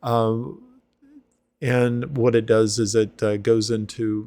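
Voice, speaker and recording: A man's voice: fairly low pitch, fairly even intonation, measured pace, mellow, no echo. A man narrating as game master of a tabletop game, hesitant, with many fillers.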